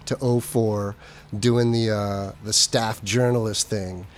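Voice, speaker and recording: A middle-aged man, a former journalist, reminiscing in relaxed casual chat with dry humor. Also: fairly low pitch, slow. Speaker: guest, former staff journalist.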